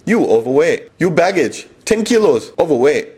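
A man playing a blunt female check-in worker, clipped broken English, husky tone. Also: on the high side, very animated, normal speed, a little mellow.

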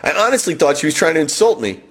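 A man telling a comic personal travel story with wry, deadpan self-mockery. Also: fairly high pitch, fast talker, slightly rough.

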